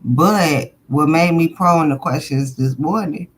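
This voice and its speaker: A woman with a low voice takes her time, heard over a little hiss or hum on poor audio. She's giving a casual live tarot reading, chatty and blunt with her viewers, cursing freely and often laughing between questions.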